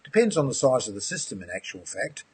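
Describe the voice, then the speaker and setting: A man's voice: mid-range voice, big pitch swings, fast, a little mellow, slightly rough. A middle-aged man hosting a live webinar, chatty and enthusiastic. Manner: enthusiastic, chatty, uses "mate". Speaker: aquaponics course host.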